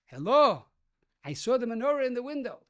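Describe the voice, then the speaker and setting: A man's voice: extremely high pitch, very animated, brisk, voice pushed up. A man voicing a woman with a heavy German accent who asks about an old heirloom. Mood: eager. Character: German-accented woman searching for her past.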